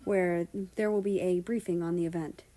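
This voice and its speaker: A woman's voice: on the low side, steady tone, moderate pace, dark tone, lightly acted. A woman doing a polite, formal Japanese-accented guard.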